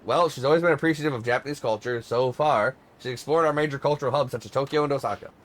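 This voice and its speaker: A courteous male secretary and bodyguard, read by a man in his own voice, explaining things in a formal, measured manner. He sounds like a game character voiced during a read-along. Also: mid-range voice, lightly acted.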